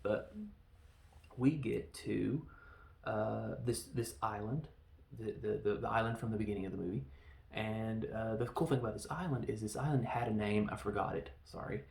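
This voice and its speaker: A man's voice: fairly low pitch, normal speed, gravelly, a little mellow. A man hosting a podcast, giving a casual, joking, self-deprecating film review. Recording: roomy echo.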